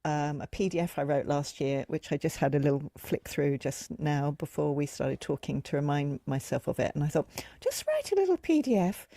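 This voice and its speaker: A woman's voice: deep voice, flat delivery, normal speed, creaky, few pauses, mellow, no echo. A woman hosting a podcast, speaking in a reflective, explanatory way with frequent affirming interjections. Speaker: podcast host. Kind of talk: casual conversational interview.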